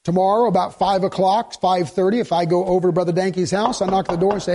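Man preaching, high voice, conversational, rhetorical questions, light humor. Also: fairly even intonation, fast talker, few pauses, noisy background. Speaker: pastor. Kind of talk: sermon.

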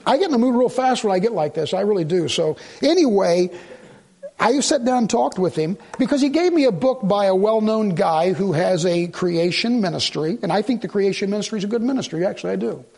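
A man's voice: high-pitched, fairly quick, creaky. A man preaching a sermon, telling a story and acting out both sides of a conversation. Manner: animated storytelling, acts out quoted dialogue.

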